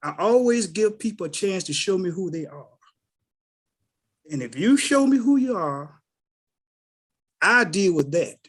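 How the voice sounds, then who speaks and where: Speaking in a high-pitched voice at a measured pace with long pauses, a middle-aged man shares personal stories on a group call. He is an animated storyteller who acts out the voices of the people he quotes, giving a casual spoken testimony as a call participant.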